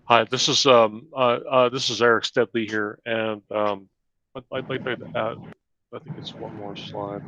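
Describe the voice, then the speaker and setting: A man speaking up at a public meeting, halting and restarting often as he works through his objection. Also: medium pitch, fairly even intonation, bright, forceful tone, dull audio, a little hiss or hum. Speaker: meeting participant.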